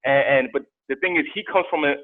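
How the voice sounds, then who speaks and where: A man's voice: fairly high pitch, fast. A man guest on a podcast, telling stories in a casual chat and acting out the voices of the people in them. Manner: animated storyteller, acts out quoted voices. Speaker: podcast guest, motivational speaker. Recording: tinny phone-like line.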